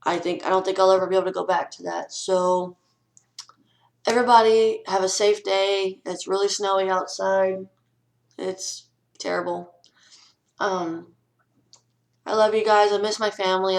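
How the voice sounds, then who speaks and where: Young woman, home vlogger, earnest and blunt, mid-pitched, casual rant. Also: vocal fry, poor audio. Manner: earnest, ranting, frank with swearing. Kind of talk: casual vlog advice talk.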